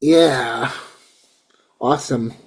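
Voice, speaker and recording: A man in his forties hosting a casual chat show, excitable and rambling, often repeating himself. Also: mid-range voice, extremely slow, a little hiss or hum. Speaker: host.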